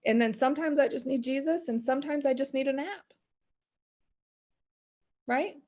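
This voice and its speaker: Candid and rambling, a woman in her thirties, a business coach, gives a casual motivational talk on faith and discouragement at normal speed. Her voice sits high with a slightly mellow quality, and she's on a video call mic.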